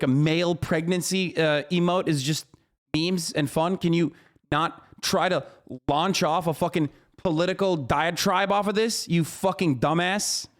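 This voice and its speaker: Exasperated high-voiced man ranting on stream. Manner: ranting, exasperated, heavy swearing. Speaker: streamer reacting to a clip. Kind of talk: casual live-stream commentary.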